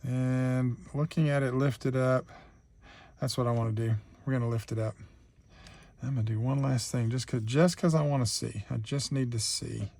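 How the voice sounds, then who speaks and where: Man, craft tutorial host, gravelly voice, talks himself through each step. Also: mid-range voice, fairly even intonation, normal speed, darkish tone, no echo. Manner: thinks aloud while working, easygoing and chatty. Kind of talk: real-time crafting tutorial chat.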